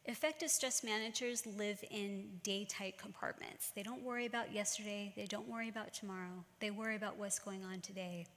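A middle-aged woman giving a church talk, telling stories in a measured, earnest way. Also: medium pitch, fairly bright tone, a little hiss or hum. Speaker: church speaker. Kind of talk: sermon-style talk. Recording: long church-hall reverb.

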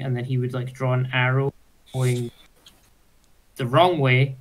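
A man's voice: medium pitch, little pitch movement, a little slow. Hesitant male tabletop player. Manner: thinking aloud, hesitant, filler-heavy. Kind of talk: tabletop game play.

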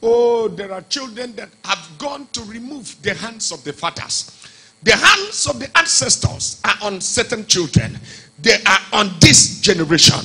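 Pastor preaching, husky and high-pitched. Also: male voice, very animated, unhurried, poor audio. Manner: swings from hushed storytelling to shouted preaching. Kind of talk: sermon.

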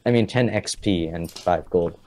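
A man runs a tabletop game as dungeon master, his voice low and dark-toned. He narrates haltingly, circling back and filling gaps with ums and likes. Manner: halting, full of fillers and restarts.

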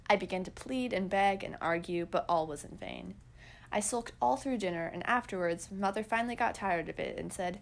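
A teenage girl narrating old diary entries and poems in an earnest, expressive way. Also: lowish voice, fairly quick, creaky. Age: teens.

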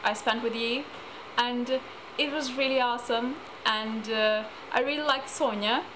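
A woman's voice: fairly high pitch, steady tone, unhurried. A teenage girl chatting casually in a home vlog, giggling often. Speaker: vlogger. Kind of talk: casual chat. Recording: noisy home video.

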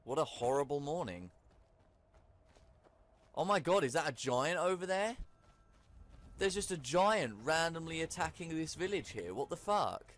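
A man's voice: a little high, lively intonation, unhurried, pauses often. A man giving profane, melodramatic commentary while playing a video game, ranting at what happens on screen. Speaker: gaming channel host. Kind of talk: gameplay commentary. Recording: loud background music.

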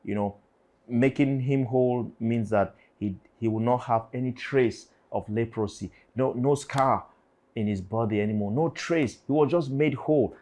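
A man's voice: mid-range voice, normal speed, darkish tone. A man in his forties preaching to teenagers, fervent and prayerful. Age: 40s. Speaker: youth pastor. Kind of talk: sermon.

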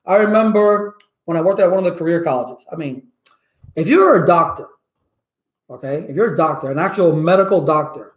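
A man who teaches IT certifications, giving viewers loud, emphatic advice in a casual way and often checking in with "okay?". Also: on the high side, fairly quick, roomy sound. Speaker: IT certification instructor.

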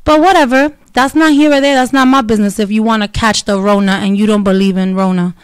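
A woman telling a story in blunt, profane, animated casual talk, with Spanish words dropped in. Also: medium pitch, fast talker, clear, resonant tone, no room sound.

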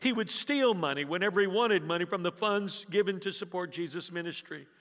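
A man preaching a sermon as pastor, telling the story dramatically, dropping from loud emphasis to hushed near-whispers and drawing the congregation into call-and-response. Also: sits high, fairly quick. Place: church sanctuary. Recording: long reverb of a church hall.

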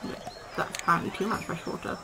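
A woman casually commenting on her gameplay, chatting to the animals in the game and laughing often. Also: rapid-fire. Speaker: gaming video creator. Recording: noisy home recording.

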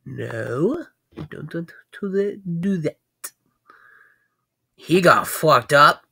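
Slow-talking, swearing young woman reacting. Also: deep voice, animated, gravelly, pushed and bright, husky, no room sound, clean studio sound. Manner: swears constantly, laughs and exclaims in surprise. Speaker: reaction video creator. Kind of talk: casual reaction commentary.

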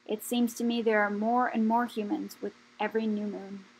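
A woman voicing an old, weary male dragon leader in a storybook reading, speaking slowly and gravely. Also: mid-range voice, little pitch movement, poor audio. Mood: solemn.

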